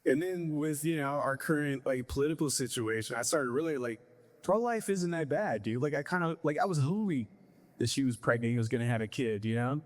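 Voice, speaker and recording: A man's voice: medium pitch, lively intonation, fairly quick. Rambling young stand-up comic, man. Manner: rambling, full of fillers and self-deprecating asides. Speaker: stand-up comedian. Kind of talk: stand-up set.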